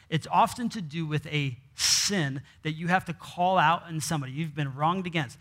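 A man preaching a sermon in a somewhat high voice, reading scripture aloud. He keeps posing rhetorical questions to the congregation and answering them himself, restarting his sentences often. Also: normal speed, few pauses, fairly bright tone. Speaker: pastor.

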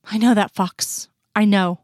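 A woman voicing a gentle, worried older mother in a story reading, speaking softly and consolingly. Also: mid-range voice, steady tone, a little slow, no echo, studio quality, close to an everyday voice.

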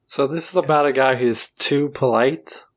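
A man's voice: medium pitch, moderate pace. A man in an improvised comedy session, asking questions and reacting to the others' bits. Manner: asks questions, reacts to the bit.

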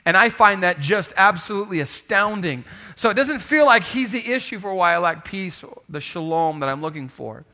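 A man preaching a sermon in an animated, lively way, often calling out to the congregation for a response. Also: high-pitched, moderate pace. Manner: animated, calls for audience response. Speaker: pastor.

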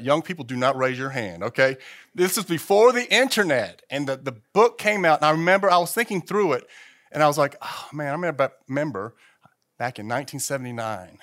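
A man in his fifties preaching a sermon to a church congregation in a loose, conversational way, with frequent restarts. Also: mid-range voice. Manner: conversational, animated, with repeated restarts. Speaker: pastor.

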